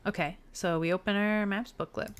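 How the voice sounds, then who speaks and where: A woman's voice: medium pitch, fairly even intonation, moderate pace, smooth. A woman playing a tabletop adventure, chatting casually and reading the story text aloud with feeling. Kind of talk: casual chat and read-aloud narration.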